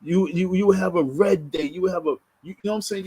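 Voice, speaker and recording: A man's voice: sits high, fast, warm tone, breathy edge. A man ranting to camera in a profane, scolding monologue, hammering his points through repetition. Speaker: vlogger.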